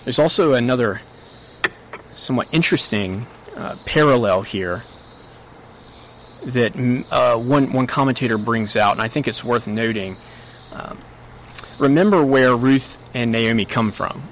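A man's voice: measured pace, long pauses, a little hiss or hum, rough recording. Earnest male preacher, faint crickets behind. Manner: earnest, rising pitch on quoted lines. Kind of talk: sermon.

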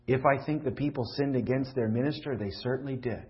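A middle-aged man preaching a sermon as a pastor, moving from loud pleading questions to hushed, confiding tones. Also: mid-range voice, brisk. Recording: dull lo-fi recording.

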